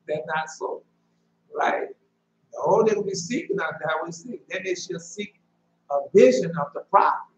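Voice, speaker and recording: High-voiced preacher in an echoey room. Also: male voice, expressive, normal speed. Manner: loose, conversational preaching with restarts and asides. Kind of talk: informal sermon with scripture reading. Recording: echoey, dull lo-fi room recording with faint hum.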